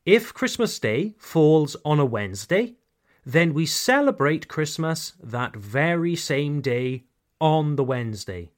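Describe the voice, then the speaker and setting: A man hosting a podcast lesson, speaking clearly, repeating key phrases and addressing his listeners directly. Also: a little high, sing-song, slow pace. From United Kingdom. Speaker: English teacher, podcast host.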